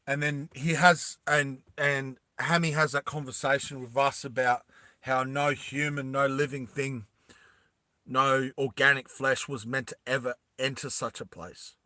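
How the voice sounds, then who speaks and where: A man casually telling a story to his live chat, animated, laughing often and acting out the characters. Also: mid-range voice, a little slow, dry recording, clean studio sound.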